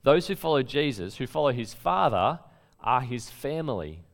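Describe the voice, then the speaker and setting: A man's voice: mid-range voice, normal speed, creaky. A man preaching a sermon in a conversational way, telling stories and quoting speakers with emphasis. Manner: conversational preaching with lively storytelling and emphatic quotes. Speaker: pastor.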